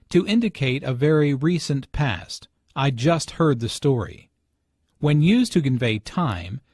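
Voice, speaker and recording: A man narrating English lesson notes in a measured, explanatory way. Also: mid-range voice, a little mellow, dry recording, studio quality.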